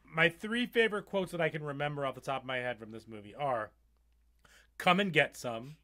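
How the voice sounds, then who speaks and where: A man's voice: fairly high pitch, quick pace, pushed and bright. A man, the podcast's producer, chatting casually and rambling with lots of fillers. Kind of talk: casual chat.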